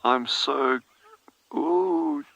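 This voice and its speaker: A man's voice: fairly high pitch, very slow, creaky, a bit bright, no room sound, low-quality recording. A man working as a field guide, gushing with overjoyed commentary during a live safari broadcast outdoors. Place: outdoors on a game drive.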